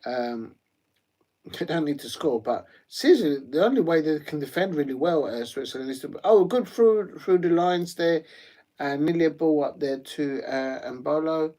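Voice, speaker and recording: A man's voice: fairly high pitch, animated, normal speed, dark tone. A man hosting a live football watch-along, chatty and rambling, with lots of ums and uhs. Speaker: live stream host.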